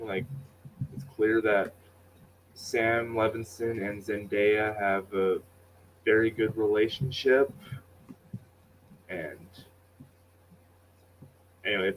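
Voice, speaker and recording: Young guy, slow drawn-out talk, mid voice, faint hiss. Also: fairly low pitch, rough recording. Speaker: guest co-host. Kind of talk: casual film chat.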